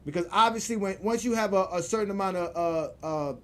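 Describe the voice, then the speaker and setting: A man hosting his own vlog, ranting in an animated, profane way with frequent laughter and repeated words. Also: high voice, fast. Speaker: show host.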